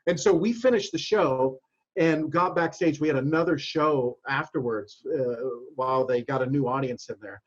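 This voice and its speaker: Raspy man on a muffled line. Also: mid-range voice, normal speed. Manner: vivid, detailed anecdote telling. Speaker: podcast guest, stage actor. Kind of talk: casual storytelling chat. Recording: dull, muffled audio.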